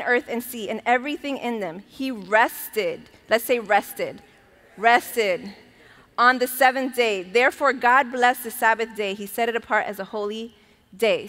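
A woman's voice: a little high, sharp tone. A woman pastor preaching a sermon in a church, talking in a conversational and emphatic way and laughing now and then. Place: church auditorium. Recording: long reverb of a large church hall.

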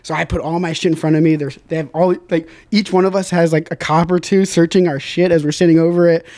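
Young man, high pitch, dry close sound, animated storyteller, swears a lot, podcast chat. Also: quick pace, dry recording. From Indiana. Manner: animated, acts out friends in high shouting voices, swears freely. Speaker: podcast guest. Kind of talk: casual storytelling.

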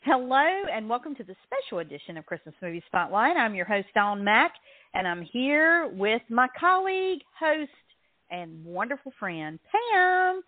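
A woman's voice: on the high side, sing-song, normal speed, no room sound. A woman with a Southern US accent hosting a radio show, chatty and self-deprecating, laughing often. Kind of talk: casual chat. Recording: tinny phone-like line.

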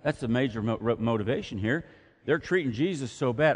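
A man's voice: mid-range voice, lively intonation, a little fast, slightly rough. A man preaching a sermon in a church, speaking conversationally and asking rhetorical questions. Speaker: pastor. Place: church sanctuary. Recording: long reverb of a church hall.

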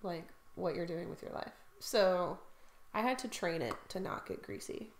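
A woman's voice: on the low side, sing-song, normal speed. A woman co-hosting a podcast, bantering playfully and laughing easily. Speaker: podcast co-host. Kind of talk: casual chat. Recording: roomy echo.

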